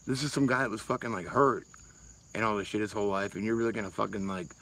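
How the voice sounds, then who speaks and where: A man's voice: lowish voice, quick pace, a bit bright, low-quality recording. A man, rambling casually and swearing freely on a livestream while answering chat. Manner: rambling, profane, laid-back.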